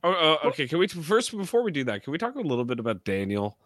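A man's voice: on the high side, very animated, fast talker, a bit bright, no room sound, clean studio sound. A man co-hosting a casual podcast chat, rambling with lots of "like" and restarts. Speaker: podcast co-host.

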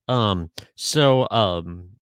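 A man co-hosting a podcast in casual chat, joking dryly and pausing often with ums. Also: on the low side, smooth, no room sound. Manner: dry joking, hesitant with many ums. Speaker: podcast co-host.

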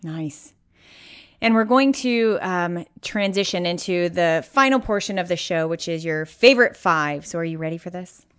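Encouraging woman podcast host, lowish voice. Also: lively intonation, normal speed, fairly bright tone, clean tone. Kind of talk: podcast interview.

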